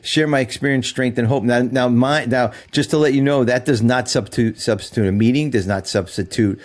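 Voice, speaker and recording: A man's voice: medium pitch, fairly quick. Earnest reflective man in his fifties. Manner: earnest, reflective, laughs often. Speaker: podcast co-host. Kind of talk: casual recovery podcast chat.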